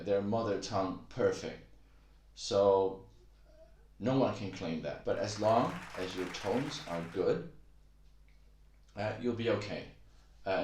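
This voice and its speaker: A man with a fairly low voice talks through a casual language lesson in a roomy, echoing space. His explanations are relaxed and full of "uh" fillers. He breaks into high, exaggerated syllables to demonstrate the tones. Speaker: Mandarin tone teacher.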